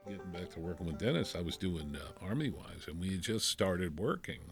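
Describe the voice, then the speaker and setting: Man, New Jersey accent, low voice, animated storyteller, faint music behind. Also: a little fast. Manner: animated anecdotes, acts out quoted voices, swears casually. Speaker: film crew member, interview guest. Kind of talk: casual storytelling interview.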